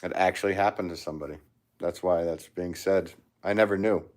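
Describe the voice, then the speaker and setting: A man's voice: low voice, steady tone, fairly quick. A man, a potter, chatting casually on a livestream and greeting viewers by name in a rambling, easygoing way.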